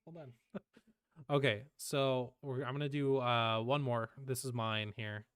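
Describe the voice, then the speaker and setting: A man's voice: medium pitch, level tone, measured pace, fairly bright tone, smooth, no room sound, clean studio sound. A young man co-hosting a casual podcast, laid-back and laughing often as he plays clips. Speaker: podcast co-host.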